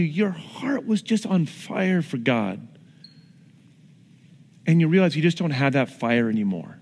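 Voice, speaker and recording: High-voiced man preaching in an echoing hall. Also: husky. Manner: animated storytelling with lively pitch swings. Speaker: pastor. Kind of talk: sermon.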